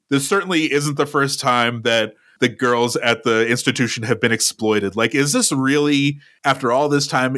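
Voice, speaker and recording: A man's voice: medium pitch, a bit bright. A man co-hosting a movie podcast, laying out careful, analytical arguments in casual chat. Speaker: podcast co-host.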